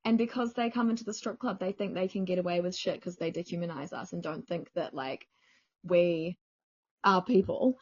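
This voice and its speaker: A woman's voice: on the low side, normal speed, dull audio. A woman co-hosting a casual podcast, blunt and swearing freely. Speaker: podcast co-host.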